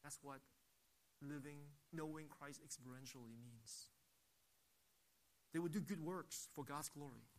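A man's voice: a little high, a little slow, pauses often. Man preaching an emphatic sermon. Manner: emphatic preaching with rhetorical questions and repetitions. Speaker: pastor.

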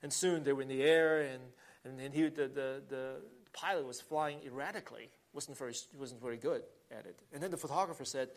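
A man's voice: medium pitch, fairly quick. A man preaching a sermon, earnest, swelling with emphasis and often restarting phrases. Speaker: pastor.

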